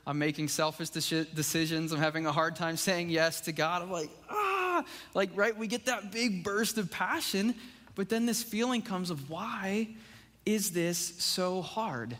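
A man with a fairly high voice gives a casual, conversational sermon, leaning on "like" and "right?" as he talks to the congregation. The sound carries a long reverb from the church hall around him. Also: fairly even intonation, moderate pace, fairly bright tone. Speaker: preacher. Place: church sanctuary.

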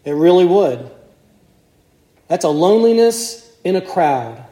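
A man's voice: sits high, very animated, a little slow, warm tone, roomy sound. A man preaching a sermon to a congregation in a conversational way, putting questions to his listeners. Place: church.

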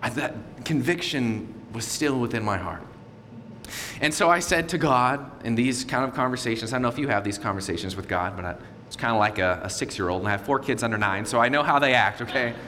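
A man in his thirties preaching a sermon as a pastor, telling a personal story with lively acted-out inner dialogue. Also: a little fast. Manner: animated storytelling, acting out his own inner voice. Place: church sanctuary. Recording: long hall reverb, faint low rumble.

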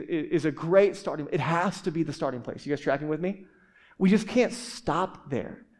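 A man's voice: fairly high pitch, darkish tone. Casual, conversational male pastor preaching. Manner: casual, conversational preaching with frequent restarts and asides. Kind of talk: sermon.

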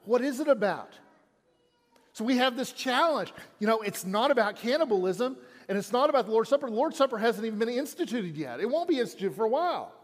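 A man's voice: very high voice, animated, brisk, big-room sound. A man preaching a sermon in an auditorium, in a conversational way that repeats lines for emphasis. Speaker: pastor.

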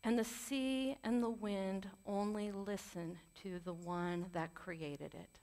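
A woman's voice: medium pitch, steady tone, slow pace, a little mellow. A woman giving a sermon in an earnest, conversational way, with candid personal asides. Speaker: preacher. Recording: long hall reverb.

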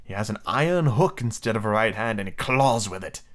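A man voicing a cocky, boastful young boy hero in a storybook read-aloud, lifting his voice higher. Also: lively intonation, brisk, natural voice. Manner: bold, boastful, high-pitched.

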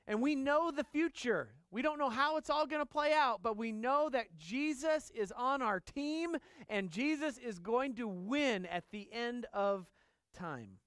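A male pastor delivers a sermon in a high, smooth voice, hammering his points home by repeating them. He often stops to put questions to the congregation. The sound is dry and close. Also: a little slow, no room sound. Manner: emphatic, repeats key phrases, asks the congregation questions; acts out dialogue in lively voices.

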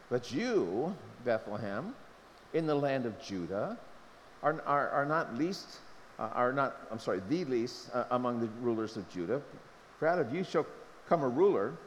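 A man preaching a sermon as pastor, impassioned, his pitch leaping up when he presses a point. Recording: long hall reverb, faint noise.

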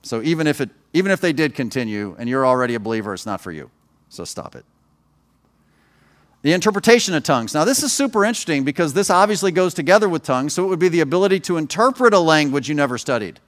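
A man's voice: fairly high pitch, animated, quick pace. A man, a pastor, preaching a sermon in a conversational way, with personal stories and joking asides to the congregation.

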